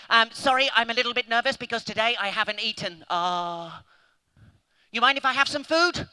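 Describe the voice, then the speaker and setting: A man performing a comedy magic act on stage at an awards event, goofy and excitable, with whoops and sudden shouts. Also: extremely high pitch, a little fast, clear, resonant tone.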